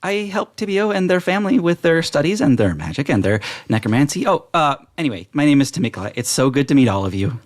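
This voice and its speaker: A man's voice: on the high side, sing-song, fast, hardly any pauses, pitched above the performer's own voice. A man voicing a young, squirrelish female gnome tutor who rambles in a chatty, flustered way.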